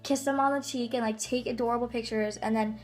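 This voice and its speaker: Brief: young female co-host, high-pitched, rambling friend chat, faint music. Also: fairly even intonation, brisk. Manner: chatty, filler-heavy. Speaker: vlog co-host. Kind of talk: casual chat.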